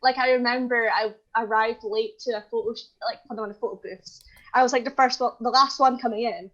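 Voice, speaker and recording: Chatty, higher-pitched woman on dull audio. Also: steady tone, brisk, a bit bright. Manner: chatty, many fillers, giggly. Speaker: guest, care assistant. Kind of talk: casual chat.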